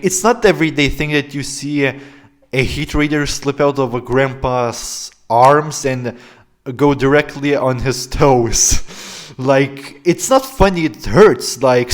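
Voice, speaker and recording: A young man tells a funny family story to his viewers in a loose, rambling vlog style. He keeps breaking into laughter and fills his sentences with hesitations and "like". His voice sits at an ordinary middle pitch. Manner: rambling, laughs often, many fillers. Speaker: vlogger. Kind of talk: casual story-time vlog.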